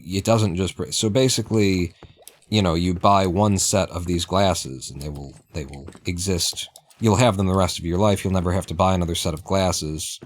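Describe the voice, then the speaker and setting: A man livestreaming as he plays a game, chatting in a rambling, opinionated way and laughing at his own jokes. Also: deep voice. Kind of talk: casual gameplay chat.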